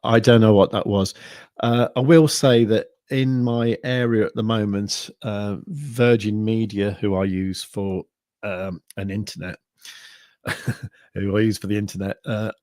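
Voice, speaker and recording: English guy hosting a live stream, low-ish voice, dry close sound, lots of ums and uhs. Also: steady tone, a little slow, darkish tone, dry recording. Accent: English, mixed Midlands and southern English with some years in France. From English Midlands. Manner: rambling, many fillers and restarts. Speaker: livestream host. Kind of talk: casual livestream chat reading comments.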